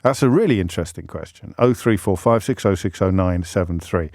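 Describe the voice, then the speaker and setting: A middle-aged man hosting a radio phone-in from a studio, chatty and teasing with a self-mocking streak. His voice sits fairly low and sounds dry and close. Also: lively intonation, fairly quick, a little mellow, dry recording.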